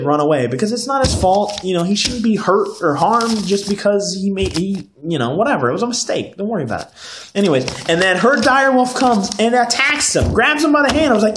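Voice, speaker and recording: Rambling, profane TV-recap podcaster; lively, swooping delivery; echoey room, audible background noise. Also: mid-range voice. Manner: profane, rambling, jumps between tangents. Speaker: podcast host. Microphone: camera.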